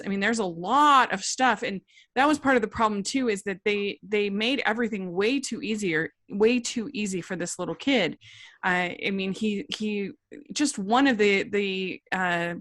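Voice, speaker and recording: A woman's voice: medium pitch, a bit bright, no room sound. Woman film reviewer chatting on a podcast, lots of likes and restarts, dry close mic. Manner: chatty, many restarts and "like" while reasoning out her critique. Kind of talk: casual chat.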